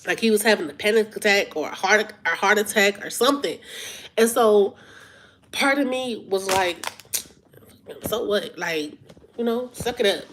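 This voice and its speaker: A woman vlogger telling a story in a casual, animated way, acting out what people said. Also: mid-range voice, moderate pace, pauses often, a little hiss or hum. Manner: animated retelling, acts out her own quotes.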